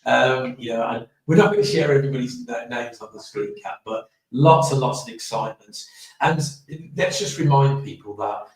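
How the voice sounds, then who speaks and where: A man's voice: mid-range voice, moderate pace. A man hosting an awards live stream, chatting enthusiastically and rambling with many restarts. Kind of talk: casual live stream chat. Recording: very echoey room, far from mic.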